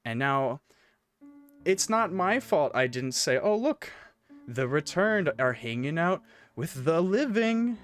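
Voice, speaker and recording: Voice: medium pitch, very animated, slow, soft background music. A game master voicing a mocking male trickster god of the dead who teases and chuckles, for a tabletop game. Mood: smug. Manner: teasing, smug, chuckling.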